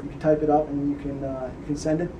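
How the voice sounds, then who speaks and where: Fast-talking teenage boy, noisy distant recording. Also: fairly high pitch, level tone, lo-fi sound. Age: teens. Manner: chatty, says "right?" and "like" a lot. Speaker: student. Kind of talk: casual testimonial.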